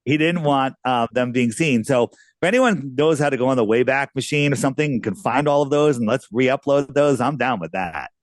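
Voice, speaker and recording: A man's voice: mid-range voice, lively intonation, normal speed, no echo. A man who is a radio guest, telling stories in a casual, rambling way with many restarts. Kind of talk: casual interview storytelling.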